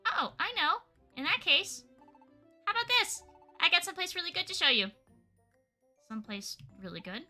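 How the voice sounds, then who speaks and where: A woman voicing an excitable young Pokémon kid who talks in eager, breathless bursts. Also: extremely high pitch, normal speed, long pauses, soft background music, full character voice. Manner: breathless, gushing.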